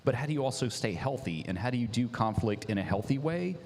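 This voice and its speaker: A man founder telling a story in casual chat, animated and slangy, with lots of restarts. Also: medium pitch, quick pace. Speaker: coffee business founder, guest. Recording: echoey hall with faint noise.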